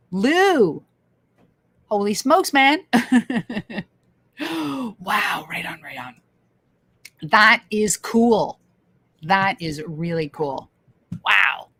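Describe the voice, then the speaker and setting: A Canadian woman hosts a casual livestream, reading viewer comments aloud with enthusiasm, laughing often and repeating phrases. Her voice sits in the mid range with a fairly bright tone.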